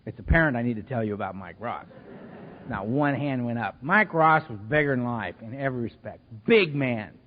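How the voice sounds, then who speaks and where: A man speaking at a recovery meeting, telling his story in an animated, self-mocking way. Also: mid-range voice, a little fast. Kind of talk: storytelling talk to a live meeting. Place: meeting hall. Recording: echoey hall, dull lo-fi sound.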